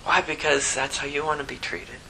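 A woman preaching a sermon with emphatic rhetorical questions and wide swings in pitch. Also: fairly even intonation, a little fast, pushed and bright, a little hiss or hum, poor audio.

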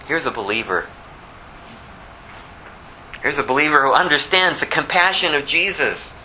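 A man preaching a sermon with fervent, animated delivery that builds toward near shouting. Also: on the high side, moderate pace, pauses often, a little hiss or hum, rough recording.

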